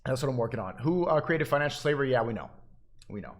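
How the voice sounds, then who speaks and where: A man's voice: medium pitch, lively intonation, fast. A man livestreaming, giving an insistent, preachy monologue to his chat, often repeating and restarting his phrases.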